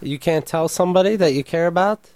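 A man defending himself in an argument with his girlfriend, halting and defensive. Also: fairly high pitch, a little mellow, no room sound. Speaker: boyfriend in a couple's argument. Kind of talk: heated couple argument.

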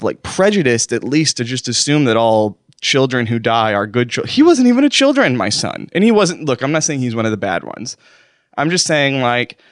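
A man's voice: medium pitch, smooth, no room sound, clean studio sound. A man hosting a comedy call-in show, rambling through his announcements, flustered and constantly correcting himself. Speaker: host. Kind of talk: improvised comedy monologue.

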